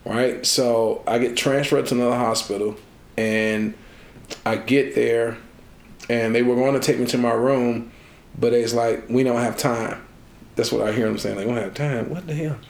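A man being interviewed, telling a personal story in a lively way and acting out the voices of the people in it. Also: mid-range voice, normal speed, gravelly. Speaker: interview guest. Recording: echoey room.

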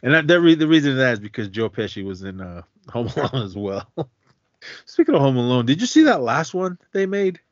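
A man on a movie podcast walks through a scene in easygoing chat, breaking into laughs and acting out the characters' lines. His voice sits at an ordinary pitch. The audio is dry and a little dull, a lo-fi recording. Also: a little fast, no room sound. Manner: laughs often, animated retelling of scenes. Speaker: podcast co-host. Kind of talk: casual movie recap chat.

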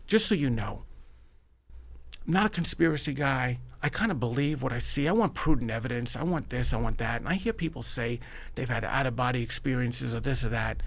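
A middle-aged man from New York with a New York accent, a podcast guest telling his life story in an animated, emphatic way. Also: mid-range voice, creaky, no echo. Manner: animated, emphatic, addresses the host by name. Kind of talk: storytelling in a conversational interview.

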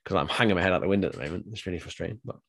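Deep, nasal man, laid-back. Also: racing, vocal fry. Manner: resigned, laid-back, swears casually. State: ill with a cold-like virus. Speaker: podcast co-host. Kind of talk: casual chat.

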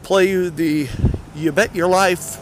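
A man walking fast and a little out of breath, rambling casually with many fillers as he introduces clips. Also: high-pitched, steady tone, a little hiss or hum. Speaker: podcast host. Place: outdoors near traffic.

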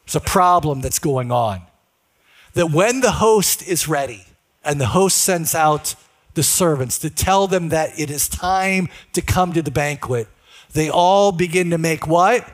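Man, pastor, sermon, high voice, conversational, asks the congregation questions. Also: unhurried.

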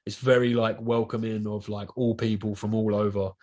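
A man's voice: on the low side, flat delivery, normal speed, warm tone. Sweary South East London man chatting. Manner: swears a lot, loose and rambling. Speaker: podcast guest. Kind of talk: casual chat.

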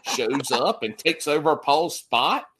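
A man hosting a podcast, bantering crudely and laughing loudly with his guests. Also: a little high, animated, slow, noisy background. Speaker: podcast host. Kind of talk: casual chat.

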